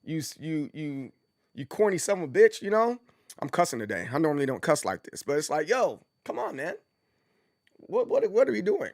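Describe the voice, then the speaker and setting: A man chatting casually on his livestream, rambling with frequent restarts and jumping into high mock voices as he tells stories. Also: no echo, studio quality. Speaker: streamer.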